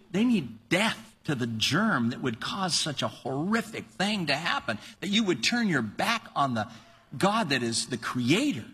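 A male preacher delivering an animated sermon, acting out quoted voices with sudden high-pitched cries. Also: slightly rough. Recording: long reverb of a large hall.

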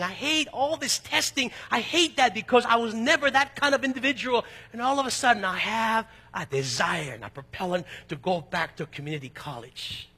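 A high, husky-voiced preacher man. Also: long reverb tail. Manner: swings between quiet, low passages and loud, emphatic outbursts; slows down to read scripture aloud. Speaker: pastor. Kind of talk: sermon.

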